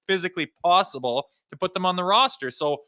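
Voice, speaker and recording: Heated male podcast co-host, bright forceful tone, dry close sound, ranting and swearing. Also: sits high, fairly quick, no echo. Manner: fired-up ranting, swears freely. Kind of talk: heated hockey talk.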